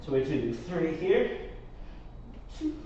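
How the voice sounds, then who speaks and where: A man's voice: a little high, big pitch swings, slow pace, warm tone, slight background noise. A man teaching a Pilates class while doing the exercises, counting reps and coaching, out of breath at times. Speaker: Pilates instructor. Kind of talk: live workout class instruction. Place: warm studio. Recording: echoey, distant, slightly muffled mic.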